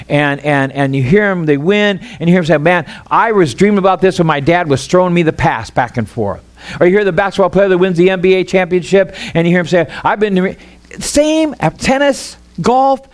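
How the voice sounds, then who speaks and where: A middle-aged man with a Midwestern American accent, preaching a sermon in an animated, rambling way with many restarts. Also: sits high. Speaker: pastor.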